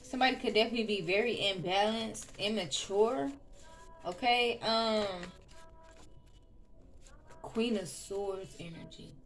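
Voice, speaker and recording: A woman reads tarot cards in a relaxed, chatty way, thinking aloud and circling back on her words. Her voice sits at an ordinary middle pitch for a woman. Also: unhurried, long pauses. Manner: chatty, loose, with frequent ums and restarts; soft murmured prayer. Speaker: tarot reader. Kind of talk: casual tarot reading.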